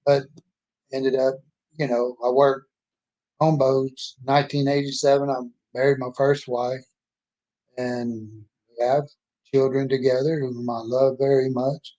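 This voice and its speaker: With a flat, mellow, medium-pitched delivery, a man in his sixties introduces himself through casual personal storytelling about his life. He speaks a little slowly, takes long pauses, and comes across as folksy, rambling and plainspoken.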